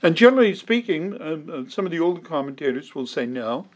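Male pastor, higher-pitched, preaching a verse-by-verse sermon with deliberate emphasis. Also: very animated. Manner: deliberate, emphatic, reads scripture aloud in old wording. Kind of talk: expository sermon.

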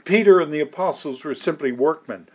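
A pastor preaching a sermon to his congregation, deliberate and emphatic, with the odd dry aside. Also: fairly high pitch.

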